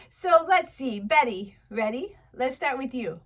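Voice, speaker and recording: A woman with a high voice runs a pretend lesson for small children, cheerful and encouraging. She heaps on the praise and clearly speaks slowly for little listeners. Between segments she drops into candid, chatty talk with her viewers. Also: lively intonation, fairly bright tone. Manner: upbeat, encouraging, exaggerated praise. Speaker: teacher applying as online tutor. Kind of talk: mock lesson for young children.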